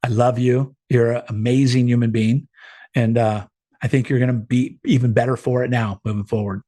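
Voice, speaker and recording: A man's voice: medium pitch, fairly even intonation, moderate pace, warm tone. Man, middle-aged, motivational coach, earnest, encouraging, video call. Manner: earnest, encouraging, repeats words and restarts.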